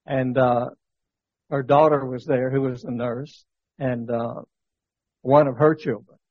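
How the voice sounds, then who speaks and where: Husky-voiced man teaching Bible class. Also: mid-range voice, steady tone, a little slow, dry recording, dull audio. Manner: conversational, many fillers and rhetorical questions. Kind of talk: informal church lesson with storytelling. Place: church classroom.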